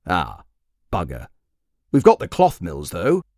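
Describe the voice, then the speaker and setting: A man's voice: sits low, wildly swooping pitch, slow, a little mellow, dry recording, studio quality, pitched below the performer's own voice, exaggerated voice. A man voicing an idle, pompous and dim-witted king who blusters and gets flustered. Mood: blustering.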